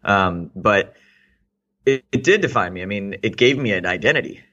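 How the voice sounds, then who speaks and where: A man's voice: fairly low pitch, expressive, normal speed, pushed and bright, dull audio. A man in his thirties from Texas, a guest in a casual interview, reflecting aloud with many fillers and restarts. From Texas, United States.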